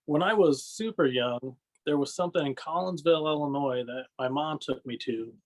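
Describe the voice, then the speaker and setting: A man chatting as a podcast guest, his voice sitting a bit higher than most men's. He rambles through loose stories and keeps checking in with "you know what I mean", laughing now and then. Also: moderate pace. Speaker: podcast guest, wrestling fan. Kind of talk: casual storytelling chat.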